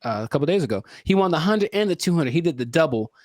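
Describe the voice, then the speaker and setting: A man's voice: fairly high pitch, lively intonation, fast talker, darkish tone, no echo, studio quality. A man hosting a podcast, chatting casually and riffing playfully. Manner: playful, riffing, self-correcting. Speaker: podcast host.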